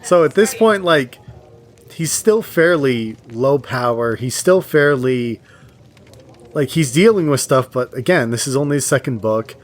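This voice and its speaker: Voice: medium pitch, lively intonation, normal speed. A podcast co-host in casual book chat who chimes in with frequent agreement and explains story lore.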